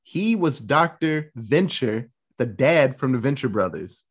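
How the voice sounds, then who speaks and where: A man hosting a casual movie-review podcast, talking in an excited, rambling way with plenty of swearing. His pitch sits in the middle for a man, neither low nor high. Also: measured pace, slightly rough. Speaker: podcast co-host.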